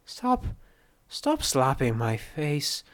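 A man's voice: medium pitch, wildly swooping pitch, drawn-out words, no room sound, pitched above the performer's own voice, heavily acted. A man voicing a feverish, dazed young female pony who mutters faintly and weakly. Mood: dazed, pleading. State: weak and feverish. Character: feverish dazed young mare, weak and delirious.

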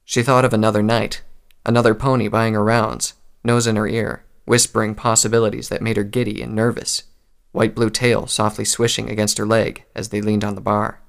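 A man reading a story aloud in a calm, measured narration. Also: fairly low pitch, gravelly, clear, resonant tone.

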